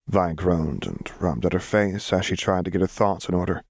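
A man narrating a fan fiction audiobook in a steady, unhurried storytelling manner. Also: sits low, vocal fry, slightly rough, dry recording, clean studio sound.

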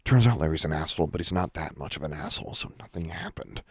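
A man voicing a furious teenage witch girl in an audiobook reading, with sharp, indignant outbursts. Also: very deep voice, expressive, quick pace, slightly rough, dry recording, studio quality, heavily acted. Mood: defensive.

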